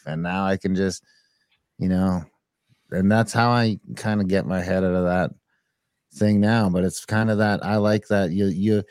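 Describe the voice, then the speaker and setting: A man's voice: low voice, measured pace, smooth, dry recording. A man co-hosting a podcast in loose, profane, rambling chat. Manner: profane, rambling, relaxed storytelling. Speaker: podcast co-host. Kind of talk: casual chat.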